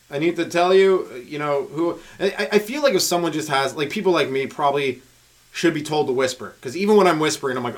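A man doing a rambling stand-up comedy monologue on his podcast, riffing with frequent asides to the listener and swinging between loud and hushed delivery. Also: a little high, fast. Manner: riffing, talks to listener with frequent "right?" and "you know".

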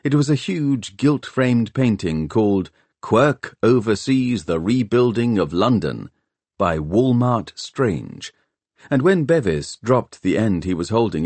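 A male audiobook narrator with a lower voice, telling the story expressively with a lively rise and fall. The recording is dry and close. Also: no echo. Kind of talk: scripted narration.

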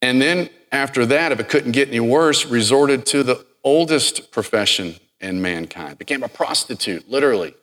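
A middle-aged man preaching a sermon, dramatic, acting out the people in the story and swinging from loud to hushed. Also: mid-range voice, expressive, moderate pace, hardly any pauses. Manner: dramatic, acts out quoted speech, varies loudness widely.

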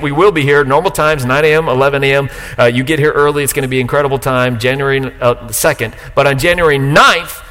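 A man pastor delivers a sermon with a bright, forceful voice that sits a little high. He jokes with the crowd and jumps from loud, excited lines to quiet asides. His words ring out with a long reverb from the church hall. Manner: lively, joking, swings from loud to soft. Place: church sanctuary, live congregation.

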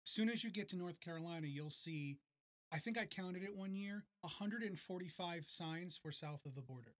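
A man's voice: sits high, a little fast, fairly bright tone. A man in his late thirties co-hosting a casual podcast, teasing his friend with dry humor. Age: 30s. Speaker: podcast co-host.

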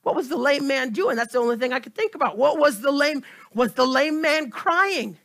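A man preaching a sermon with passion, swinging between loud emphatic cries and hushed, close asides. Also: very high voice, lively intonation, moderate pace.

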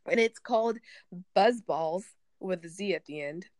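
A woman's voice: fairly low pitch, a little slow, darkish tone, dry recording. A woman in casual conversation, rambling and chatty and laughing often. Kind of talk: casual chat.

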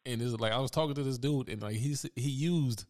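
A man's voice: mid-range voice, a little fast, a little mellow. A young adult man co-hosting a casual chat, telling stories with a laid-back, laughing, profane manner. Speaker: podcast co-host.

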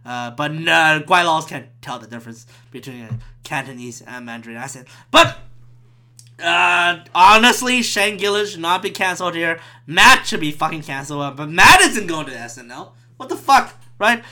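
A man's voice: a little high, lively intonation, normal speed, bright, forceful tone. A man hosting a podcast alone, ranting in a profane, rambling way with frequent restarts. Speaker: podcast host. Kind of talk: solo podcast rant.

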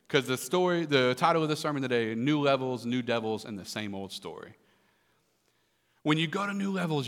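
A man's voice: fairly high pitch, a bit bright. A man pastor delivering a live sermon in a church, talking to the congregation in a loose, conversational way with jokes and asides. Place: church sanctuary. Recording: long hall reverb.

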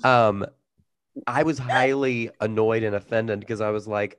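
A man's voice: lowish voice, fairly even intonation, a little slow, smooth. A man from Georgia in the US, hosting a podcast with friends in casual chat, with playful, theatrical asides. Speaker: podcast host.

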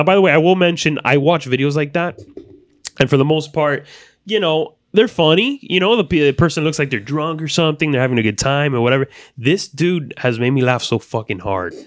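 A man's voice: fairly high pitch, no room sound, clean studio sound. A man hosting a casual comedy podcast, riffing loosely on funny videos, with plenty of swearing and playful put-on voices. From Miami. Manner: animated, profane, riffing on videos. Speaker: podcast host.

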